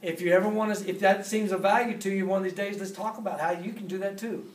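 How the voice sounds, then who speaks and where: Animated high-voiced man at a seminar. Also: fast. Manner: animated, acts out quotes with big pitch jumps. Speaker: speaker at a business seminar. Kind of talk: motivational seminar talk. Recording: echoey room, voice from far off.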